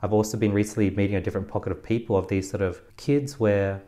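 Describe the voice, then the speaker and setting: Australian man, low voice, rambling host. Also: fairly even intonation, quick pace, dark tone. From Australia (West Sydney). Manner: rambling, many fillers and restarts. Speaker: podcast host. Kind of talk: casual interview.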